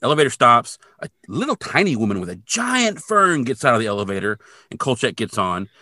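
Lively bright-voiced man recapping. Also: medium pitch, a little fast, dry recording, studio quality. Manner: animated, chatty storytelling. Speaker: podcast co-host. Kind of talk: casual recap chat.

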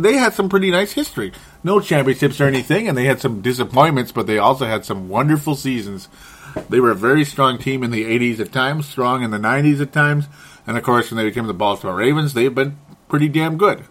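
A man hosting a sports talk show, talking in an excitable, sarcastic way and chuckling often. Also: medium pitch. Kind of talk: casual sports commentary monologue.

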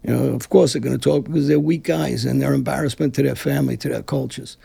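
A man's voice: mid-range voice, fairly even intonation, quick pace, gravelly, warm tone, slightly rough. A middle-aged man from Brooklyn, giving a blunt, combative interview and rambling with restarts. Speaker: interview guest. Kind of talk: heated conversational interview.

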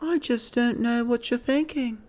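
A man voicing a haughty, indignant British woman who complains in a slow, drawn-out, imperious way, with a British accent. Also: very high-pitched, darkish tone, voice pushed up.

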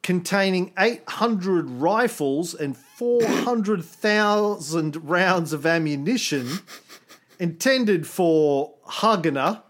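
A man hosting a casual history podcast, telling the story in an animated way with little voices and halting restarts. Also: high-pitched. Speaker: podcast host.

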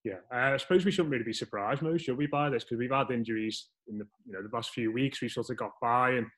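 A man's voice: medium pitch, quick pace, a bit bright. A man hosting a casual football podcast over a call, upbeat, with a few restarts. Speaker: podcast host.

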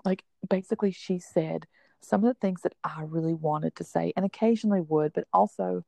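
A woman co-hosting a casual book podcast, chatty and quick to laugh. Her voice is lowish and gravelly with a mellow, dark tone. The recording is dry and close. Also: dry recording. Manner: chatty, laughs often, many fillers. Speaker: podcast co-host.

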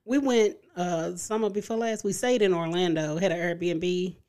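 A woman's voice: on the low side, fairly even intonation, normal speed, warm tone, clean tone. A woman guest on a podcast, telling family stories in a casual chat and laughing as she talks.

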